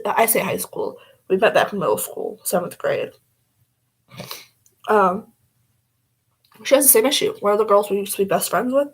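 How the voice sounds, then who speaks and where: A woman's voice: mid-range voice, slightly rough, low-quality recording. A young woman vlogging casually as she does her makeup, blunt and rambling, swearing freely.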